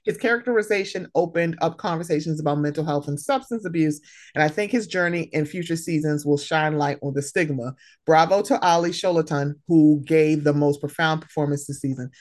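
A woman from West Philadelphia hosting a podcast, chatting casually, frank and swearing freely, jumping high in pitch when she quotes herself. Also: brisk. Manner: animated, swoops high when quoting herself. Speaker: podcast host. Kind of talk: casual chat.

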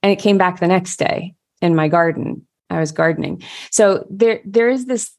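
Heartfelt storytelling woman with lower voice. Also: normal speed, gravelly, a little mellow. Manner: heartfelt, storytelling with frequent restarts. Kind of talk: casual conversation.

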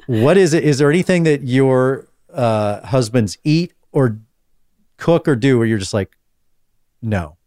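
A man hosting a casual conversational interview, telling stories in a calm, even-keeled way. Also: mid-range voice, a little slow, no room sound, clean studio sound. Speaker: podcast host interviewing guests.

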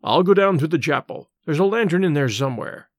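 Man doing a brisk old grandfather. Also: a little high, animated, no echo, clean studio sound, natural voice. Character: impatient old man in his sixties.

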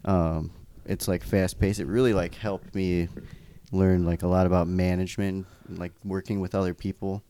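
Laid-back low-voiced man, lots of "like". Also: level tone, normal speed, dark tone, clear, resonant tone. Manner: laid-back, filler-heavy, swears. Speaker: podcast co-host. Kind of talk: casual podcast chat.

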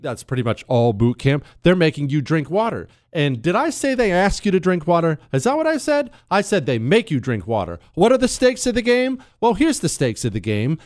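A man's voice: a little high, a little mellow, no echo, studio quality. A man hosting a talk radio show, telling a story in a monologue. He leans hard on his points, repeats lines for effect and throws questions at the listener.

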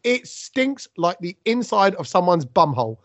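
A man's voice: sits high, very animated, moderate pace, fairly bright tone, dry recording. A man, co-hosting a casual chat, telling stories and acting out his own lines with big jumps in emphasis. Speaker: podcast co-host. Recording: dull lo-fi sound, dry.

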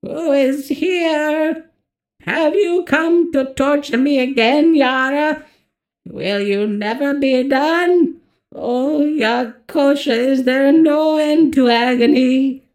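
A woman voicing an ancient, blind, tortured alien being that speaks slowly and falteringly in a sorrowful chant. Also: high-pitched, a little mellow. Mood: pleading. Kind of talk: audiobook character voice.

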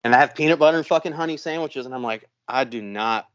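A man hosting a podcast, telling a long story in a casual, profane, animated way. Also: mid-range voice, fast talker, lo-fi sound. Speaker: podcast host.

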